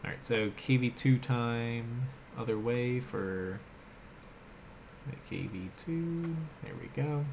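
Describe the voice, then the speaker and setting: A man's voice: mid-range voice, slow, creaky, a little mellow, slight background noise. A man from South Jersey with an American accent, chatting casually as he streams a game live and answers his chat. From South Jersey, USA. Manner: laid-back, chatty, answers chat between plays. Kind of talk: live gameplay commentary.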